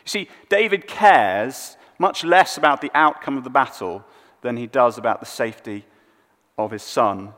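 A male preacher giving a sermon, telling the story expressively and dropping soft on the sad moments. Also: mid-range voice, moderate pace. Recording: long hall reverb.

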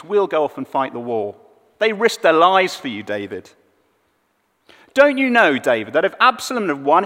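A man voicing an angry, blunt male army general who scolds a grieving king in a raised, forceful voice. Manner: forceful, rebuking, raised pitch. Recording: long hall reverb.

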